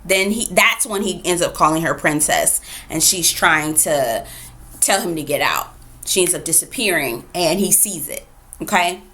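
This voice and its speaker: A woman reviewing a TV episode in a casual recap, animated, acting out quotes and asides. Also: on the low side, normal speed. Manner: animated, retells scenes with voiced quotes and asides.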